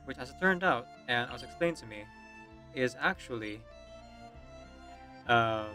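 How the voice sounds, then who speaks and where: A man's voice: mid-range voice, bright, forceful tone. A man streaming a role-playing game, chatting casually and thinking aloud between asides. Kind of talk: casual gameplay commentary. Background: game music.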